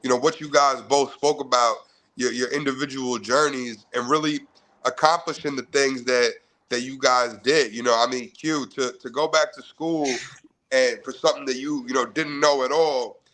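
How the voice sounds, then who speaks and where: Bright-voiced man hosting a talk show. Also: medium pitch, fairly even intonation, moderate pace, low-quality recording. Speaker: podcast host. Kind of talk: casual chat.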